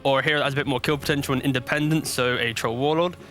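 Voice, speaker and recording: Bright-voiced esports analyst man. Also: mid-range voice, steady tone, very fast, soft background music. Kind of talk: live esports desk analysis.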